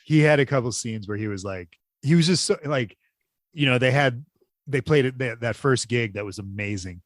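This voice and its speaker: A man's voice: mid-range voice, moderate pace, no echo, studio quality. A man co-hosting a movie podcast in casual chat, enthusiastic and swearing freely. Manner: enthusiastic, swears freely, quotes people in animated voices. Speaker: podcast co-host.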